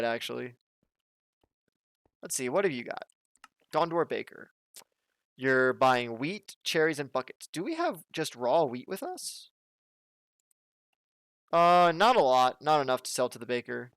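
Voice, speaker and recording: A man's voice: mid-range voice, a bit bright, dry recording. A man from the southern United States casually commenting on his gameplay, chatty and jokey as he thinks aloud. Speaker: let's play host.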